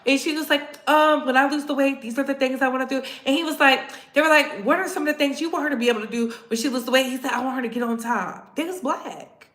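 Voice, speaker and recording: A woman host giving blunt, sassy, profane commentary, telling stories with animated asides. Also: high-pitched, fast, few pauses, echoey room. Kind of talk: casual commentary vlog.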